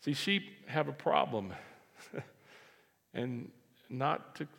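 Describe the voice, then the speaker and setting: A male pastor delivers a sermon in a church sanctuary, his voice gravelly with a bit of fry. He gets animated and hammers home his points by repeating them. The sound carries a long reverb from the hall around him. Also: mid-range voice, takes it slowly. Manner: animated, repeats phrases for emphasis.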